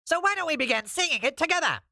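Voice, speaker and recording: A woman's voice: sits high, animated, very fast, sharp tone, no room sound, exaggerated voice. A woman voicing a cheerful cartoon Canadian who sings a silly alphabet in a goofy, sing-song way. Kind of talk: cartoon clip played on stream.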